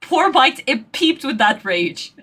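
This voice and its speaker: A woman hosting a casual reaction video at home, her voice high and bright. She is excitable and exclamatory, slipping into rambling apologies, yet her phrasing is unhurried. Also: slightly rough. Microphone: desk microphone.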